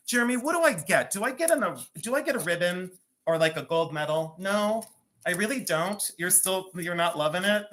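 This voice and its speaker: Bright and pushed, this fairly high-pitched voice belongs to a Cleveland-accented man in his fifties. He hawks jewelry during a live stream, full of rambling jokes, chatter and frequent laughter.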